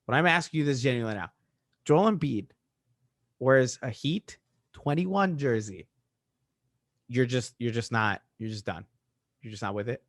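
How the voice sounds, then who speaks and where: Young man, mid-pitched voice, dry close sound, argumentative, playful ribbing. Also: lively intonation, normal speed, pauses often, dry recording. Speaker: podcast co-host. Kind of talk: casual sports debate.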